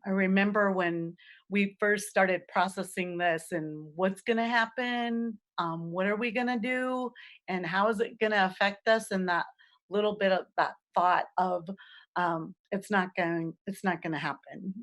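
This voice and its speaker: A woman hosting a casual conversation, speaking hesitantly with frequent pauses and fillers. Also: medium pitch, fairly bright tone.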